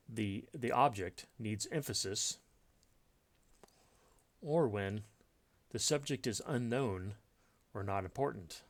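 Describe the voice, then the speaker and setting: Man, writing teacher, low voice, unscripted explanation, frequent uhs and restarts. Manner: unscripted, thinking aloud with many fillers and restarts. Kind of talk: explaining grammar in a recorded lesson.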